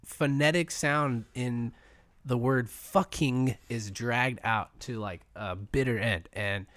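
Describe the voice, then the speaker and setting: A man chatting casually and candidly, swearing freely and getting animated as he explains his point. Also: mid-range voice, slow pace, no echo. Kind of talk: casual chat.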